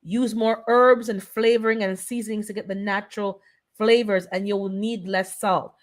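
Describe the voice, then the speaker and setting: A woman's voice: medium pitch, fairly even intonation, moderate pace. A woman of Jamaican descent hosts a casual live-stream chat. Her delivery is earnest and pleading, and she repeats herself to drive points home. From Caribbean, of Jamaican descent. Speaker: host of a live wellness chat.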